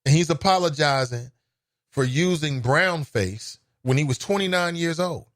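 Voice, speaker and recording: A man's voice: fairly high pitch, expressive, normal speed, a bit bright, dry recording, clean studio sound. A man from Cincinnati hosting a call-in talk show, chatting casually and reacting to listener comments with exclamations. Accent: Cincinnati, Ohio. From United States. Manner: conversational, reacts with laughs and exclamations.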